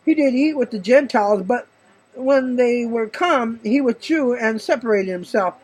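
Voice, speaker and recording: A man's voice: extremely high pitch, lively intonation, normal speed, darkish tone, poor audio. A man hosting a show, mixing jokey commentary with Bible reading, playful and laughing often. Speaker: host.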